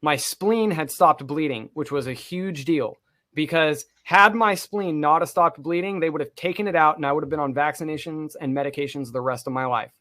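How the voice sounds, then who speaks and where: A podcast co-host, a man whose voice sits a little higher than most. He tells a personal story casually, with plenty of swearing and colorful detail. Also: moderate pace. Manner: profane, vivid, animated storytelling.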